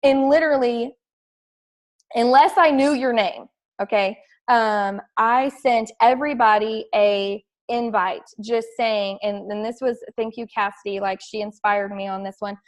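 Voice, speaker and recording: A woman with a drawl leads her fitness team through a casual call. Her voice sits a little high, and she talks in an excitable, rambling way, scattering "like" through almost every sentence. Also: unhurried. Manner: chatty and excitable, heavy use of "like".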